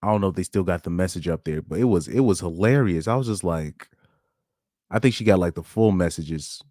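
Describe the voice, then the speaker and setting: Animated low-voiced male podcaster. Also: fairly quick, no echo, studio quality. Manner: animated, laughs often, pitch jumps up when incredulous; rambling, with frequent restarts. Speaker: podcast host. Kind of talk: casual commentary reading screenshots.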